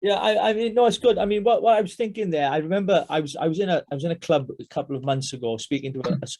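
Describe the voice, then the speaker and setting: A man from Wales hosting a casual political interview, chatty and animated as he asks questions. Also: on the high side, rapid-fire. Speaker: podcast host.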